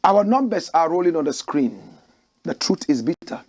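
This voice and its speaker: A Ghanaian man hosting an opinionated commentary show, talking in a forceful, preaching way with slogan-like lines. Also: on the high side, big pitch swings, moderate pace.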